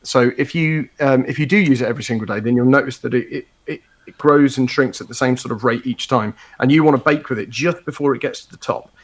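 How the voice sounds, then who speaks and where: A man's voice: medium pitch, quick pace. A man co-hosting a casual group chat, rambling with lots of fillers and restarts. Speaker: musician and co-host.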